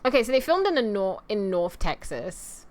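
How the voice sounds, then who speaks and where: A woman's voice: mid-range voice, sing-song, moderate pace, darkish tone. A woman streaming and chatting casually with her viewers, rambling in a playful, talkative way. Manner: addresses viewers as "you guys" and "y'all". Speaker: VTuber streamer.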